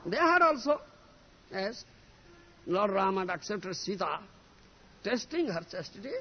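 High, animated preacher. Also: male voice, unhurried. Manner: checks listeners with a questioning "huh?". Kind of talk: sermon retelling a scripture story. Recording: reverberant hall, dull lo-fi sound, faint hum.

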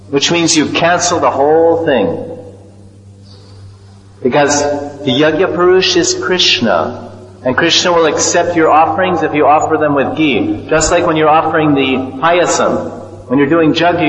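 A man giving a storytelling sermon, explaining terms and asking his listeners questions. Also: fairly high pitch. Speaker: spiritual teacher. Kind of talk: sermon on scripture. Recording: echoey hall, dull lo-fi sound.

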